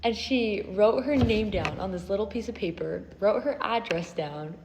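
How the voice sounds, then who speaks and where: A young woman telling an earnest, emotional story from her own life as a vlogger, with soft laughs now and then. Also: mid-range voice, normal speed. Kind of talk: personal storytelling. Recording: slight hall reverb, faint noise.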